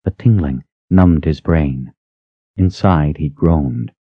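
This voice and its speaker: A man narrating an audiobook in a measured, even storytelling manner, close to the mic. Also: very deep voice, slightly rough, no room sound, phone-quality sound. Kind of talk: scripted narration.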